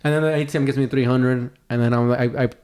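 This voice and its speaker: A young man co-hosting a podcast, telling a long, animated story full of swearing and acted-out voices. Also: medium pitch, quick pace. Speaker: podcast co-host. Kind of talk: casual storytelling.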